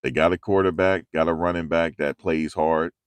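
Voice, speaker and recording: Sitting low with fairly even intonation and a moderate pace, a man from the New York tri-state area hosts a livestream. He loosely jokes with viewers and reads and answers the chat into a handheld lavalier clip mic, with no room sound.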